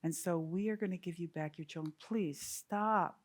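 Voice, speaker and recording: Woman playing a male angel, gentle, kindly, amused, lowish voice, storybook tale. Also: moderate pace, natural voice.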